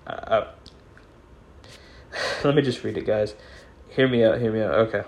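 Young guy going through celeb news, slow and draggy, voice kinda hoarse, stammers and restarts a lot. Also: lowish voice. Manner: rambling, stammering, self-correcting. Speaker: host reading celebrity news. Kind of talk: casual news commentary.

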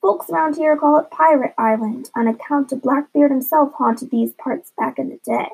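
A woman's voice: high voice, normal speed, vocal fry, darkish tone. A woman voicing a jolly, scheming grown man pirate who speaks in drawling pirate talk. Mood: swaggering. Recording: dull lo-fi recording.

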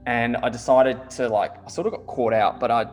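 A man's voice: mid-range voice, brisk. A young man talking in an easy, casual chat. He tells his stories animatedly, leans on "like" constantly and swears freely. Faint music sits under his voice. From Australia. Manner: swears a lot, heavy use of "like", animated storytelling.

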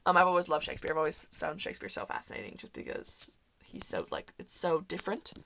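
A woman's voice: low voice, big pitch swings, quick pace, gravelly, background noise. A young woman hosting a podcast, chatting casually and rambling with lots of fillers, often laughing as she talks. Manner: rambling and chatty, with many fillers and self-interruptions; laughs often while talking. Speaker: podcast host. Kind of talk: casual solo chat.

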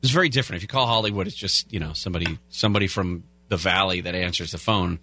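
Male radio host, lowish bright voice, casual rambling delivery on air. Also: fast, slight background noise. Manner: casual, rambling asides between headlines. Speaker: radio talk show host. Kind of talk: talk radio chat and news rundown. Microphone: studio broadcast mic.

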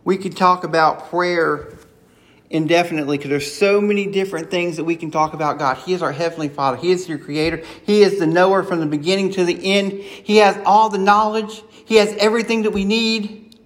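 A man's voice: high-pitched, steady tone, fairly quick. A man preaching a sermon on prayer in an earnest, conversational way, acting out sample prayers as he goes.

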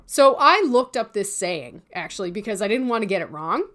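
A woman's voice: medium pitch, very animated, brisk, fairly bright tone. A woman coach giving a candid, informal talk on building an online course, with casual swearing and teasing asides. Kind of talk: promotional talk on course creation.

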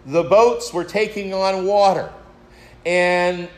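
A man's voice: high voice, fairly even intonation, slow. A man preaching a sermon, retelling a story in a reflective way and addressing his listeners as friends. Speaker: pastor.

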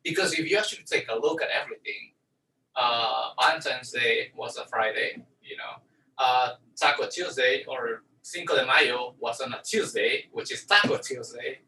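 A man's voice: mid-range voice, normal speed, creaky, sharp tone. A man co-hosting a casual chat, rambling and joking, often trailing off mid-sentence. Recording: roomy echo, distant mic, faint noise.

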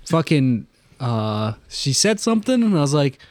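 A man's voice: a little high, big pitch swings, moderate pace, a little mellow, no room sound. Rambling, swearing young man telling a story. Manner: rambling storyteller, heavy swearing, many fillers. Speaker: podcast co-host. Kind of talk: casual chat.

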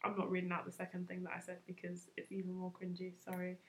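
A woman's voice: fairly low pitch, monotone, fast talker, slight background noise. A woman in her twenties hosting a podcast, telling a story in a chatty, self-mocking way and laughing often. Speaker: podcast host. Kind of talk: casual storytelling.

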